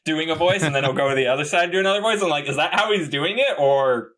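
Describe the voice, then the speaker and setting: Excitable rambling male podcast co-host. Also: on the high side, fast. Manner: excitable, rambling, loud rising outbursts. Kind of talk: casual chat.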